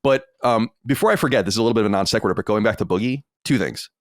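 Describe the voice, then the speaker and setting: A man's voice: lowish voice, very fast, no room sound, studio quality. A man hosting a podcast in casual chat, blunt and profane, getting heated. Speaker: podcast host.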